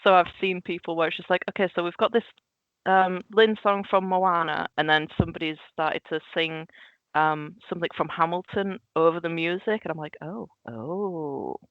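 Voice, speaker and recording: Dutch-accented male co-host, high and lively, giggly, slightly dull sound. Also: a little fast, smooth, dry recording. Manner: animated and giggly, acts out quotes. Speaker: podcast co-host. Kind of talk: casual film podcast chat.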